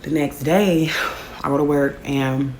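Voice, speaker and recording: A woman's voice: low voice, fairly even intonation, a little slow, a little mellow, a little hiss or hum. A young woman telling a casual storytime, slangy and loose, filling her speech with "like" and "whatever".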